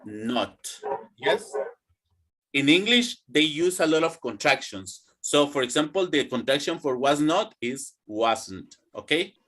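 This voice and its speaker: Male English teacher, young, higher voice, slow and animated drilling delivery. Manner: slow, drawn-out teaching with repeat-after-me drills. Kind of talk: online classroom lesson.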